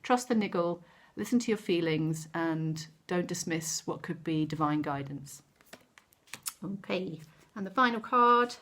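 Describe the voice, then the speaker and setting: Gentle woman giving a card reading. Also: fairly low pitch, animated, a little slow, slight background noise. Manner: gentle, encouraging, with frequent ums and self-corrections. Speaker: tarot card reader. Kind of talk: weekly card reading to camera.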